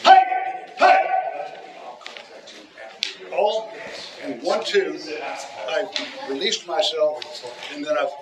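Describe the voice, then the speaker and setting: In an echoey training hall, a man runs a self-defense seminar, joking and repeating words as he explains demonstrations. His high, animated voice takes it slowly with frequent pauses, recorded from far off with a crowd and loud room noise behind him.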